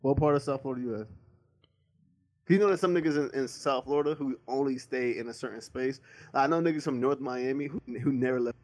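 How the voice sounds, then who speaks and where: Young male co-host, mid-pitched, relaxed, teasing slang talker. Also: a little fast. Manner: laid-back, teasing, slangy questions. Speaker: podcast co-host. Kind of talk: casual chat.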